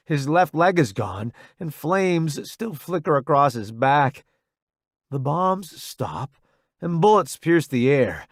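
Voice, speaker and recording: A man narrating a first-person romance audiobook in an expressive, intimate way. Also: fairly high pitch, no room sound, clean studio sound.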